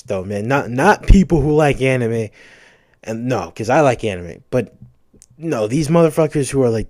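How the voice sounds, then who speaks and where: A man's voice: mid-range voice, a little mellow, no room sound, clean studio sound. A tired man ranting, profane and rambling, full of false starts and repeated words. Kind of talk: ranting to camera.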